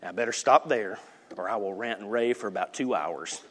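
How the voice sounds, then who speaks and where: A man preaching a sermon, swinging between loud, animated passages and hushed asides. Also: fairly low pitch, fairly quick. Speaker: pastor.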